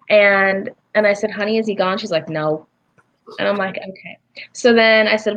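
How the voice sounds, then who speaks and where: A woman's voice: medium pitch, brisk. A woman in her forties, a spiritual healer and interview guest, telling a personal story and acting out the voices in it. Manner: animated, acts out voices in her stories. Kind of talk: casual storytelling.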